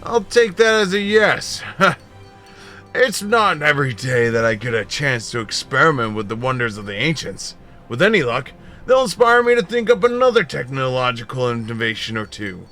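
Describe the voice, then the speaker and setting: Guy doing a friendly chatty engineer buddy, easygoing, bright and lively. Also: medium pitch, faint music behind. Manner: easygoing, deliberate, talkative.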